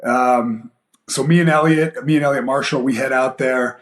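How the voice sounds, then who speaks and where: A man in his forties talks through a story with lots of fillers and restarts, acting out what other people said. His pitch sits mid-range, and the room around him has a noticeable echo. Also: moderate pace. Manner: animated storyteller, acts out quoted voices, many fillers. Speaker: guest, MMA coach and former fighter. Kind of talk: casual storytelling interview. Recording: echoey room.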